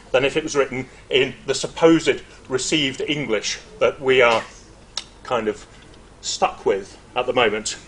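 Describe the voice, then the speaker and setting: Middle-aged guy lecturing at a seminar, chatty, lots of ums and asides, ordinary mid pitch. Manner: lively and chatty, with frequent hesitations and asides. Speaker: university lecturer presenting at a seminar. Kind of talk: informal academic presentation.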